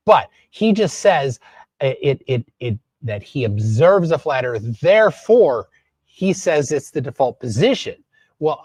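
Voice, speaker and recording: A man from Minnesota hosting a live stream, reading chat aloud and commenting in a halting way with many fillers. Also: a little high, no echo. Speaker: livestream host.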